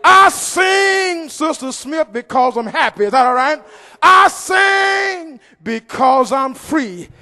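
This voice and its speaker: High-voiced man shouting a sermon in a hall. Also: expressive, slow pace. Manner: shouting, half-singing, call-and-response. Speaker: preacher. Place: church. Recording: long reverb of a church hall.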